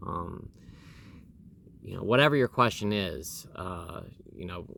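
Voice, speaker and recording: A man in his thirties hosts a relaxed at-home conversation with his wife. His voice sits very low, yet it has a bright, forward edge. He rambles, circling back with plenty of fillers and restarts. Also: measured pace, gravelly, slight background noise. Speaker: host interviewing his wife. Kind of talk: casual home interview.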